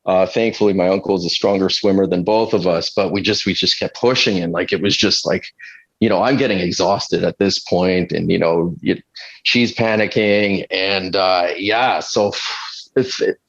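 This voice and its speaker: A fitness coach speaks in a fairly low voice, telling his story in a halting way full of fillers and restarts. He laughs lightly here and there. The recording is dull and lo-fi. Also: creaky, a bit bright. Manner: laughs now and then while telling stories. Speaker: fitness coach and retreat leader. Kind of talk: casual podcast conversation. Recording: dull lo-fi sound.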